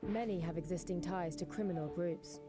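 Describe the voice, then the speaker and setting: A woman narrating a scripted news report in a measured, even delivery. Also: on the low side, over music.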